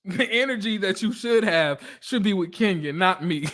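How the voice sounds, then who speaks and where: A woman giving blunt, profane, animated commentary as she recaps a reality TV episode. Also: medium pitch, normal speed.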